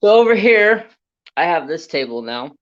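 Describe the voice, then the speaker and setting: A man's voice: on the high side, big pitch swings, moderate pace, a bit bright, highs cut off. A man hosting a casual crafting livestream, telling salty, rambling stories and greeting viewers in the chat. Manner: rambling, salty storytelling while reading live chat. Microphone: handheld phone.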